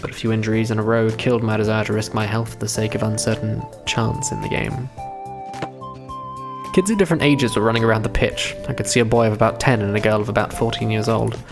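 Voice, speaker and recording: A man's voice: fairly low pitch, fairly even intonation, fast, over music. Sweary young man streaming a visual novel. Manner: profane, chatty, jumps between reading and commentary. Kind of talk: live-streamed visual novel playthrough, reading aloud.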